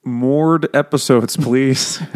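A man's voice: mid-range voice, fairly even intonation, extremely slow, darkish tone. Joking podcast co-host, a man. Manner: joking, laughs often, drinking beer while talking. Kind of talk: casual drunk banter.

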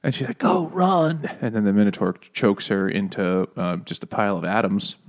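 Male co-host, lowish voice, crude joking banter. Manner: joking, profane, quick to laugh. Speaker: podcast co-host. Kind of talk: casual book-discussion banter.

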